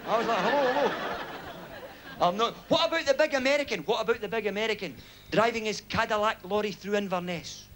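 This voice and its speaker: High-voiced young Scottish comedian. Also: male voice, fairly bright tone, a faint crowd. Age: young adult. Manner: quick joke-telling, chuckles at own gags. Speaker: stand-up comedian. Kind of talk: stand-up comedy routine.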